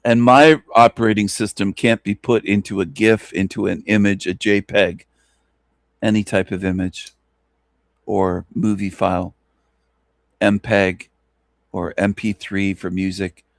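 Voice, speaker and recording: A man's voice: fairly low pitch, little pitch movement, measured pace, gravelly, pauses often, dry recording, clean studio sound. A man hosting an online radio show, ranting scornfully at his listeners with mocking laughs and rhetorical questions. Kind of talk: scornful solo rant.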